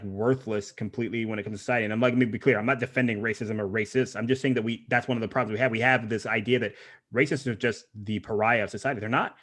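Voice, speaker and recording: A man's voice: mid-range voice, fairly bright tone. A man hosting a podcast, talking casually and laughing often. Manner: fast, chatty, laughs often. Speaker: podcast host.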